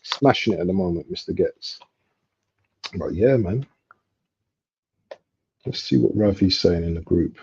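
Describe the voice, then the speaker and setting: A young man chatting casually while he streams a football match live. He talks in street slang and breaks into excited outbursts at near misses. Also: low voice, measured pace, pauses often, a little hiss or hum. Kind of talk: casual live commentary chat. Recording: dull lo-fi stream audio.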